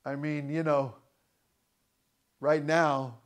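A male pastor preaching a sermon in church, conversational with loud emphatic peaks and joking asides. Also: fairly high pitch, level tone, very slow.

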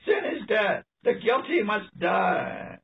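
A man preaching an animated, emphatic sermon, reading passages aloud and laughing often. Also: high voice, takes it slowly, vocal fry. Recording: distant mic, dull lo-fi sound.

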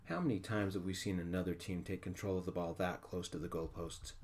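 A man's voice: low voice, steady tone, a little fast, darkish tone, a little hiss or hum. A man voicing a terse young football fan glued to the game, in a whispered role-play. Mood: absorbed. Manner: terse, absorbed.

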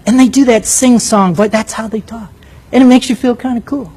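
An older man telling a flying story to a live audience, animated and vivid, with quick asides. His voice sits high for a man. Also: breathy edge. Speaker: former military pilot and speaker.

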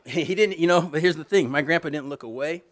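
A man's voice: fairly high pitch, a little fast. A middle-aged man giving a rambling, self-deprecating recovery talk, peppered with "you know what I mean.". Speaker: alumni reunion speaker.

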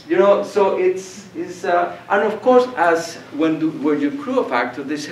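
A man's voice: high voice, moderate pace. An older man from Colombia, giving a public lecture and telling stories, acting out voices and laughing. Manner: animated storyteller, acts out voices and laughs. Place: lecture hall. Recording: echoey room, distant mic, faint noise.

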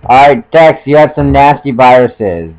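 A young man with a medium-pitched, gravelly, darkish voice comments on a video game at a measured pace, animated and joking. He often fumbles his words and teases himself, and the dull audio carries faint music behind him.

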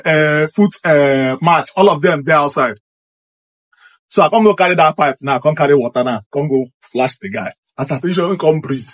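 Nigerian man, husky and fairly high voice, animated first-person storyteller who repeats himself for effect. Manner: excited, repetitive, acts out what happened. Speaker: storyteller recounting a personal experience.

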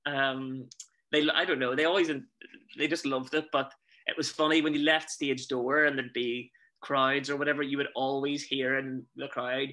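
A Northern Irish man, a musical theatre actor, telling animated stories in a casual interview and chuckling often. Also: medium pitch, moderate pace. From Northern Ireland.

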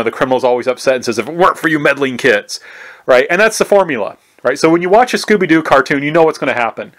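A man's voice: medium pitch, fairly bright tone. A man giving a conversational recorded history lecture, often asking "right?" and restarting his sentences. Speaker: history professor.

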